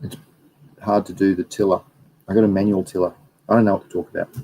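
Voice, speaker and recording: A man's voice: deep voice, flat delivery, fast talker, mellow, a little hiss or hum, rough recording. A young man hosting a casual livestream, rambling and reading out viewer comments. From Australia. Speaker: livestream host.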